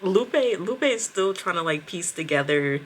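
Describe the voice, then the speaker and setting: A young woman in casual storytime, animated and profane with laughing asides. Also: fairly low pitch, a little slow. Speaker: storytime vlogger.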